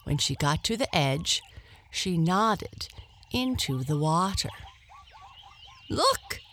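Casting note: woman reading a bedtime fable, very slow, soft and lively in pitch. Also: slight background noise. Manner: gentle, very slow, at times whispered. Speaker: storyteller. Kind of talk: bedtime story narration.

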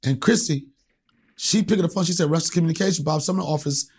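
A stand-up comedian from Alexandria, Virginia, telling profane stories as a guest and acting out the voices in them. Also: male voice, a little high, fast talker, a little mellow, husky. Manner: profane, acts out voices in anecdotes. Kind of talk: animated storytelling.

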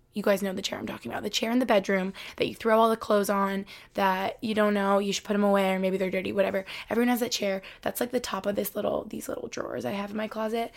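A woman's voice: on the high side, creaky. A woman in her twenties from Albany, New York, hosting a casual solo podcast from her bedroom floor, chatty and rambling with lots of "like". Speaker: podcast host.

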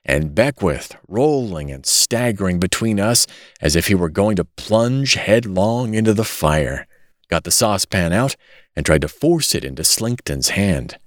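A man narrating a classic short story as an audiobook reader, in an expressive, dramatic way. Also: deep voice, no room sound, clean studio sound. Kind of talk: scripted narration.

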